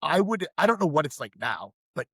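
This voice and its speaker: A man with a gravelly, husky voice speaks as a podcast guest, swearing freely and talking bluntly. His voice sits fairly high for a man, and the recording is dry and close. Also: sing-song, brisk, bright, forceful tone, dry recording. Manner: blunt, profane storytelling. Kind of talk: casual conversation.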